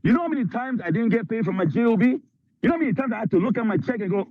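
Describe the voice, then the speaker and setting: A man from Canada giving an energetic motivational talk at a sales training, acting out little skits in put-on voices. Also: very high voice, racing, dry recording, lo-fi sound.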